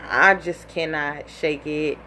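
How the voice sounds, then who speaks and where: Young woman, casual storytelling, animated, lowish voice, faint background hiss. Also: slow pace. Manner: animated, with frequent "like" and acted-out quotes.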